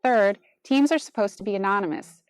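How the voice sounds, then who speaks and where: A woman's voice: mid-range voice, a little fast, clean tone, dry recording. A woman reading a scripted, formal instructional narration that walks judges through a procedure.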